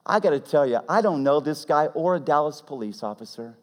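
A man's voice: fairly high pitch, lively intonation, brisk. Fervent preacher man in a reverberant hall. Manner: dynamic, swinging from loud emphatic peaks to hushed near-whispers. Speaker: pastor. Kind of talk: sermon. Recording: long reverb of a large hall.

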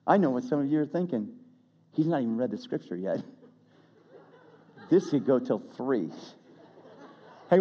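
A man's voice: medium pitch, warm tone. A man preaching a sermon, telling a story in a folksy, chatty way with self-deprecating asides. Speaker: pastor. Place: church sanctuary. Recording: long hall reverb.

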